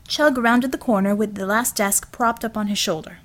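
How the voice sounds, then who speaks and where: A woman narrating a story for an audiobook, in an expressive storytelling manner. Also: medium pitch, normal speed, hardly any pauses.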